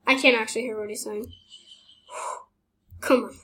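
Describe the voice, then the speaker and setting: Young woman, high voice, unhurried pace, gameplay commentary, excitable exclamations. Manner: excitable, exclaims and laughs while playing. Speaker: gaming channel host.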